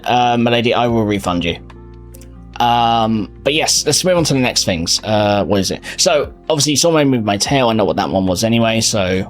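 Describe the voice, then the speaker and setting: Lively chatty male streamer. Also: medium pitch. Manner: chatty, greets viewers, laughs often. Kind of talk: casual live-stream chat.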